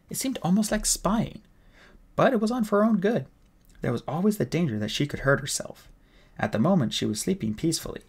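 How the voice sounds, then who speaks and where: Gravelly man reading a novel aloud. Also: medium pitch. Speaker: audiobook reader.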